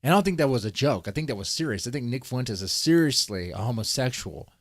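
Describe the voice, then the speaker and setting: A man's voice: medium pitch, expressive, quick pace, dry recording, clean studio sound. Rambling, profane man doing commentary. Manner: rambling, profane, many restarts. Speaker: commentary streamer. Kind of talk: casual commentary.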